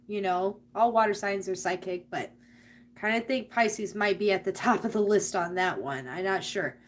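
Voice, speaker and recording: A woman with a mid-range voice gives a live tarot and oracle card reading. She speaks earnestly and straight to the viewer about spirit and energy.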